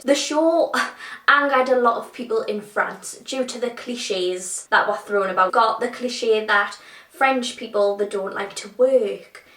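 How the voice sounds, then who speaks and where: A young woman with a British accent, chatting informally and animatedly while reviewing a TV show. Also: on the high side. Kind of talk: casual chat. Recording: echoey room.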